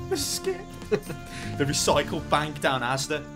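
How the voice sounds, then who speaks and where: A man's voice: fairly high pitch, wildly swooping pitch, slow pace, music in the background. A man commentating an esports match on a headset, joking and rambling in casual banter. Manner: jokey, rambling, teasing.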